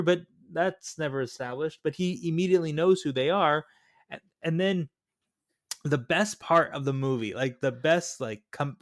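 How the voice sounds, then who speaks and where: A man's voice: mid-range voice, no room sound. Rambling man with a dry, close voice. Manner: rambling, hesitant, laughs at own jokes. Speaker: podcast co-host. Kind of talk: casual movie review chat.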